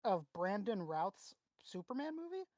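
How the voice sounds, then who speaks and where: A young man, raised partly in Mexico, co-hosting a podcast and telling profane, animated stories in casual chat. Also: high-pitched, a little slow, background noise. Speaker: podcast co-host.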